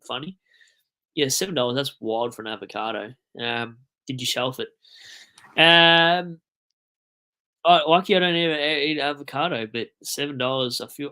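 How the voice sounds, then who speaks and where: Young australian man, livestream chat, bright tone, stuffy nose, swears a lot. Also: mid-range voice. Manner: swearing, rambling, animated outbursts. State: blocked nose. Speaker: livestream host.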